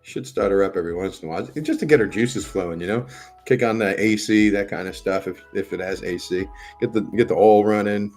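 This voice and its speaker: A man's voice: on the low side, a little fast, darkish tone, soft background music. A man streaming live, chatting casually and rambling as he answers and reads out viewers' messages. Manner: rambling, talks to chat and reads their messages aloud.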